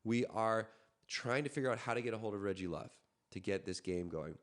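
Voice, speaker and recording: Man, very low voice, from Canada, podcast guest, animated storytelling, frequent restarts. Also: fairly quick. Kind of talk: casual storytelling.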